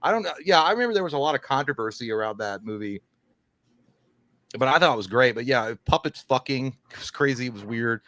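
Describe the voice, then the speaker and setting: A man's voice: mid-range voice, animated, quick pace, sharp tone. A man co-hosting a live stream, reading viewer messages aloud in a loose, rambling, profane, joking way. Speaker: co-host reading super chats. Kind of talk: casual live-stream chat.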